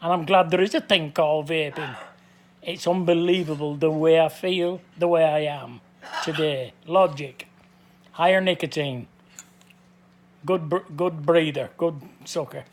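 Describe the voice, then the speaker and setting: An older man talking straight to camera in a casual, plain-spoken way, with a voice pitched a little on the high side for a man. He is blunt and keeps circling back to the same points. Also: fairly even intonation, measured pace, a little hiss or hum. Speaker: vlogger.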